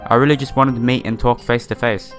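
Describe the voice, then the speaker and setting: A man's voice: mid-range voice, level tone, fast, fairly bright tone, soft background music, lightly acted. A man reading a visual novel's lines for an earnest, lonely young woman who trains as an idol, in his own plain voice without a girl voice. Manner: plain read-aloud delivery in his own voice.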